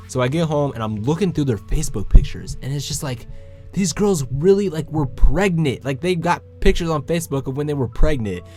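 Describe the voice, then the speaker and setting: Young man telling an awkward story. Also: medium pitch. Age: young adult. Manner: animated, acts out quoted lines. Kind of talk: casual storytelling to camera.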